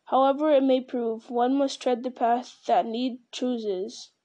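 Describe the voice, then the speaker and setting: A woman reading the part of a grave, commanding old male wizard in a firm, measured way. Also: on the high side, steady tone, mellow, close to an everyday voice.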